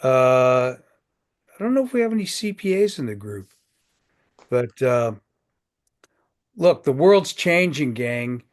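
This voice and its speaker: A man's voice: mid-range voice, big pitch swings, slow, pauses often. A man in his sixties hosting a networking group on a video call, folksy and joking, often repeating his words.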